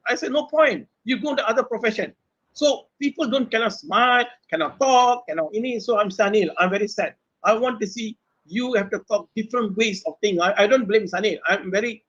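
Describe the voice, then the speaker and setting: A middle-aged man with a Malaysian English accent, a professor speaking on a webinar panel, animated and full of rhetorical questions aimed at his fellow panelists. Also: sits high. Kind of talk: unscripted panel talk. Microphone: webinar video call mic. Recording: dull lo-fi webinar audio.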